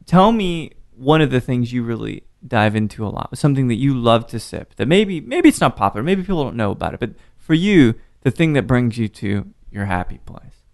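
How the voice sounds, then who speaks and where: Male podcast host, animated and chatty, casual with the swearing. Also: medium pitch, fairly quick, creaky. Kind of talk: casual chat.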